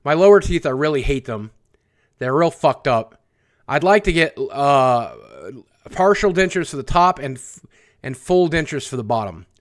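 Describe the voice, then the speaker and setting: Rambling, somewhat high-voiced male streamer. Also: expressive, normal speed. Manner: rambling, answers chat questions aloud; blunt and profane. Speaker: livestream host. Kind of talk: casual livestream chat.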